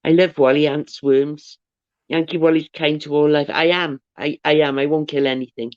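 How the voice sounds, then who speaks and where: A woman's voice: low-pitched, fairly even intonation, normal speed, a little mellow, no echo. A woman hosting a livestream, rambling chattily through viewer comments with frequent restarts. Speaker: livestream host. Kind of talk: casual chat, reading viewer comments aloud. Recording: dull, dry, lo-fi audio.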